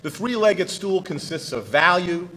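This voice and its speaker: A man's voice: high voice, lively intonation, unhurried, background noise. A middle-aged man, a trial lawyer from the United States, giving a conference presentation in a folksy, punchy manner and talking straight to the audience.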